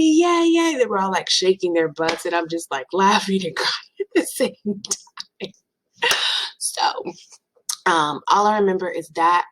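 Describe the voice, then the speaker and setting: A young woman in her twenties telling a storytime in casual chat, animated and dramatic. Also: husky, no echo, poor audio. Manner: animated, dramatic, swings into playful high voices for quotes. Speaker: vlogger.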